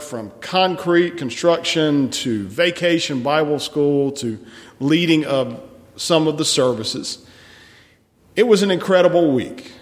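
A man who leads a church service, folksy and encouraging, often restarting his sentences. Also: a little high. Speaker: pastor leading a church service. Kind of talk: church announcements and congregational song leading. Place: large church sanctuary. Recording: long hall reverb from a sanctuary.

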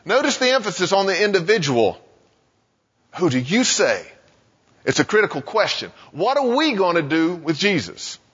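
A man preaching a sermon in a casual, conversational way, full of "you know" asides and quick voiced quotes. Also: high voice, very animated, fairly bright tone, husky. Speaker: pastor. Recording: muffled sound with long hall reverb.

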